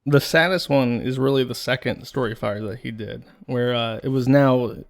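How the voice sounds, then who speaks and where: A man's voice: medium pitch, moderate pace, gravelly. A man giving blunt, sarcastic commentary in casual chat on a live stream. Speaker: stream panelist.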